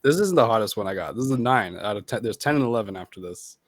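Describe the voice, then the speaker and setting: A man's voice: on the low side, lively intonation, quick pace, dry recording. A man in casual chat during a streamed tabletop game, announcing things in a showman-like, mock-formal way. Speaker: tabletop game player tasting hot sauce on stream.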